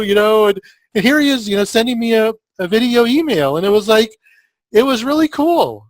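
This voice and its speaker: A man's voice: high-pitched, normal speed, no room sound. A man hosting an interview, chatting in a friendly, easygoing way with fillers. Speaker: host. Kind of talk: casual interview talk.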